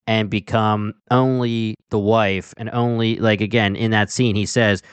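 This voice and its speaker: Delco-accented man, smooth and low. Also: fairly even intonation, measured pace, no room sound. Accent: Delaware County, Philadelphia area. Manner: enthusiastic, rambling with restarts. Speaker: podcast co-host. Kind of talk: casual chat.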